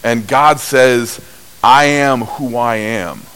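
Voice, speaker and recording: A man preaching a sermon in an unhurried, measured way, his voice at a middle pitch. He tells stories animatedly, rising high and loud and then dropping low and soft. A faint hiss sits under the recording. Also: clean tone, rough recording. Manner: unhurried, animated storytelling with wide swings in pitch and loudness. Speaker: pastor.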